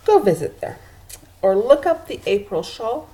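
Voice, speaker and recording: A woman's voice: a little high, sing-song, measured pace, mellow. A woman hosting a knitting video podcast from home, chatting casually and laughing often while she shows her projects to a webcam.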